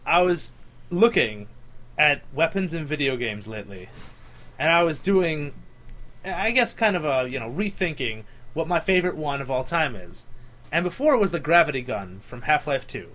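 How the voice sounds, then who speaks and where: A young man in a loose, jokey podcast chat, with a voice sitting a little higher than most men's. He tells stories with animation and laughs often. He breaks into impressions of the people he describes. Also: animated, normal speed, fairly bright tone. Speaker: podcast co-host. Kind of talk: casual chat.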